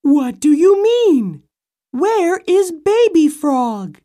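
A woman voicing a fretful mother frog in a children's storybook, speaking in a slow, drawn-out, high voice. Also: big pitch swings, mellow, exaggerated voice. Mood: worried. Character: anxious mother frog, fussing, grief-stricken. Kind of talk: storybook acting.

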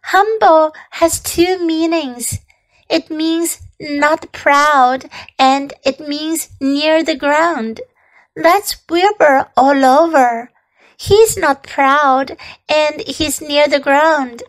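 A gentle, wise spider speaks in a high, soothing voice, as a woman reading a storybook puts her on. Her words come slowly and calmly, warm with care for her friend. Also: rough recording. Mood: kind. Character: wise kind female spider, gentle and calm.

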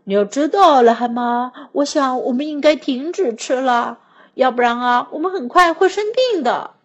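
A woman's voice: high-pitched, normal speed, dull audio. A woman playing a sensible storybook frog. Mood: earnest. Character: sensible male frog, gently advising.

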